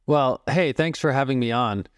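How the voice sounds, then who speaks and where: A man in his fifties, a podcast guest, telling stories about music and meditation in a calm, reflective way and explaining through analogies. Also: medium pitch, normal speed, clear, resonant tone, dry recording, studio quality. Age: 50s. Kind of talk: storytelling interview talk.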